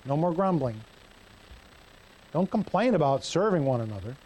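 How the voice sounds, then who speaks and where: A man's voice: a little high, sing-song, normal speed, darkish tone, poor audio. A male pastor preaching a sermon in a church, conversational and joking with the congregation.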